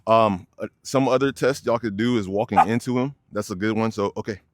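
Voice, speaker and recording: A man's voice: lowish voice, brisk, no room sound, studio quality. A young man, a dog trainer, explaining leash work casually outdoors and addressing viewers as y'all. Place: outdoors by a fence near many dogs.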